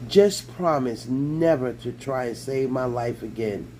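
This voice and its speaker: A man's voice: medium pitch, a little slow, darkish tone, a little hiss or hum, natural voice. A man reading as a modest young boy wizard. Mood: easygoing. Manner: easygoing, modest.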